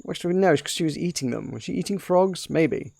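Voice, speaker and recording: Brief: male let's-player, gravelly and wry, close dry mic. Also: on the high side, expressive, a little fast, darkish tone, no room sound. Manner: wry, rambling. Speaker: game commentator. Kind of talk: casual let's play chat.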